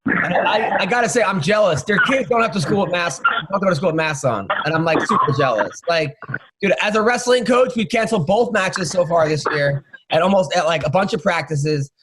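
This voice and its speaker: A man, a comedian and podcast host, telling animated stand-up road stories in casual chat and acting out people's voices. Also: high voice, fairly quick, heavy background noise. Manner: animated, acts out crowd voices, laughs through stories.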